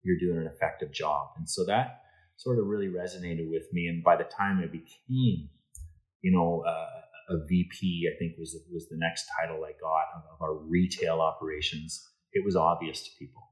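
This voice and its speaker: A man's voice: deep voice, normal speed, poor audio. A middle-aged man, an insurance executive, telling stories on a podcast and acting out the dialogue. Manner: animated anecdotes, acts out quoted dialogue. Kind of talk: casual storytelling interview.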